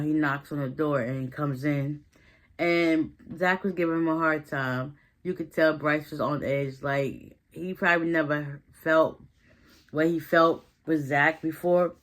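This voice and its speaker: A woman giving a casual, chatty recap of a TV episode, full of fillers and growing animated as she retells scenes. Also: low voice. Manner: chatty, loose, heavy with fillers like "like" and "listen". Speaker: recap vlogger.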